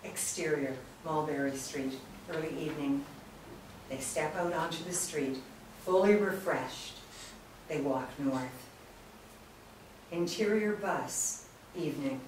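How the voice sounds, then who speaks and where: Low-voiced woman reading a screenplay. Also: takes it slowly, pauses often, a little mellow, slight background noise. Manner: reads stage directions steadily. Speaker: narrator. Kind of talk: screenplay read-through. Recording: echoey room from far off.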